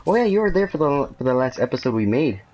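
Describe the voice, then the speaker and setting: A young man chatting with a friend, relaxed and asking questions. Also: mid-range voice, quick pace, rough recording. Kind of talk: casual chat.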